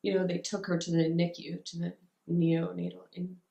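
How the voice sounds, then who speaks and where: A woman's voice: fairly low pitch, level tone, fairly quick, mellow, dull audio. A young woman telling her personal recovery story in an interview, talking casually and rambling with many fillers. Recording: roomy echo.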